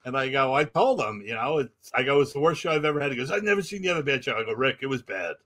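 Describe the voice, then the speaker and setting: A man's voice: mid-range voice, animated, fast talker, fairly bright tone. Comic podcast co-host, male; mid voice, self-deprecating storyteller. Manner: self-deprecating, plays both sides of dialogue. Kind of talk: casual chat, storytelling.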